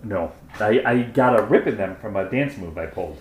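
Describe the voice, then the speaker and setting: A man's voice: fairly low pitch, animated, moderate pace. A man in his forties from Wisconsin telling a story in casual chat, self-mocking and swearing freely. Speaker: podcast co-host. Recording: roomy echo.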